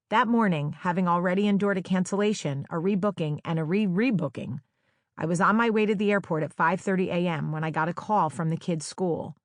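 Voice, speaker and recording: A woman from New Jersey reads her own memoir in a wry, conversational storytelling style, slipping into playful quoted dialogue. Her voice sits somewhat low for a woman. The recording is close and dry, with no room sound. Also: dry recording. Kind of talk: audiobook memoir narration. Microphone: close studio microphone.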